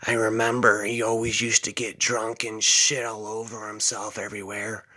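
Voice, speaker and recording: A man's voice: fairly low pitch, level tone, moderate pace, pushed and bright. A man telling a rambling personal story casually, dropping "man" between phrases. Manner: rambling, drawls, fillers like "man".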